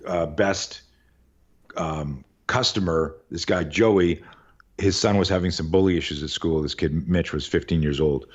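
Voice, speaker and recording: Deep-voiced middle-aged man telling a story. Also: breathy edge, muffled recording. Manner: animated, acts out voices in anecdotes, swears casually. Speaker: podcast guest. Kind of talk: casual storytelling.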